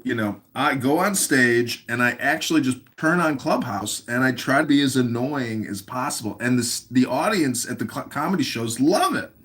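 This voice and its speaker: A man with an animated, lively pitch, chatting casually and telling rambling anecdotes. He is playful and a little provocative, in a mid-range voice. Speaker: guest on an audio chat room. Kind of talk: casual chat, storytelling.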